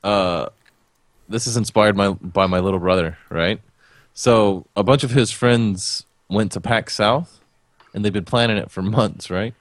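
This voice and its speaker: A man's voice: lowish voice, a little slow, no echo, clean studio sound. A young man co-hosting a casual podcast chat, blunt and swearing freely. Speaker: podcast co-host.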